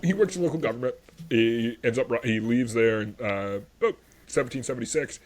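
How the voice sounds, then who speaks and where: A man's voice: mid-range voice, brisk. A man hosting a history podcast, chatting casually and enthusiastically, rambling with many fillers. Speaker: podcast host.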